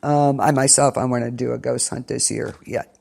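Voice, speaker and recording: Woman host, gravelly voice, rambling and casual, pre-recorded show wrap-up. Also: very deep voice, steady tone, normal speed, darkish tone, slight background noise. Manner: rambling, with many ums and restarts. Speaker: internet radio show host. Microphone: studio mic, pre-recorded.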